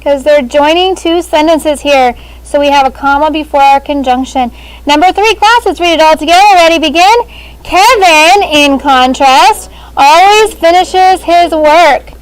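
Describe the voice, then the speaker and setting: High voiced lady teacher going over grammar w her class, brisk, talking thru a face shield. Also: low-quality recording. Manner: brisk, calls on students by name. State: speaking through a face shield. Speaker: sixth grade language teacher.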